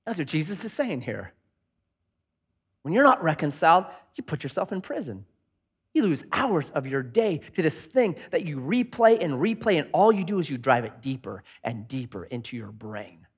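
A man's voice: a little high, big pitch swings, moderate pace, breathy edge. A man preaching a sermon in a conversational way, asking many rhetorical questions and acting out angry inner voices. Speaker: pastor.

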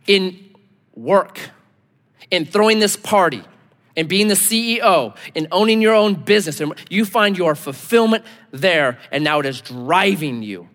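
Male pastor, 40s, expressive sermon delivery; lively pitch, long hall reverb. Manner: animated, rhetorical questions, sudden hushed asides.

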